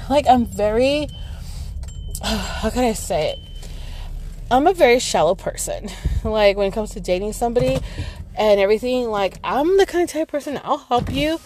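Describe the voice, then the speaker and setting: Casual podcast host, tired woman, 30s, mellow tone, loose and profane, filler-heavy delivery. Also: medium pitch, a little hiss or hum, low-quality recording. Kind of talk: casual storytelling monologue.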